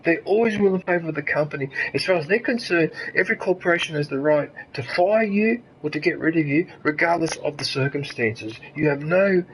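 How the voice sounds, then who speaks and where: A man's voice: fairly high pitch, brisk, few pauses, fairly bright tone, a little hiss or hum, poor audio. An Australian man streaming a game and ranting angrily, with lots of swearing and rhetorical questions. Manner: angry, profane, ranting. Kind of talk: ranting commentary over gameplay.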